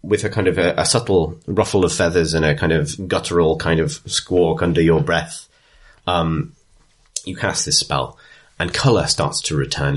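A man's voice: rumbling low, husky. A man narrating a tabletop game as game master, rambling with many restarts. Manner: rambling, full of ums and restarts.

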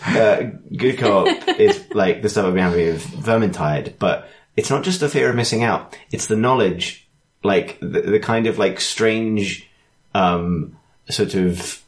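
A man's voice: on the low side, a little slow. A man co-hosting a casual podcast about games, rambling and hunting for words with lots of fillers. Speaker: podcast co-host.

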